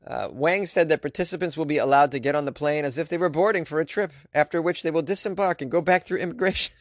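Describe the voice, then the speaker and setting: A man's voice: a little high, brisk, dry recording, studio quality. An American man hosting a weird news segment, reading stories and mocking them sarcastically, often laughing. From United States. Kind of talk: sarcastic comedic news commentary.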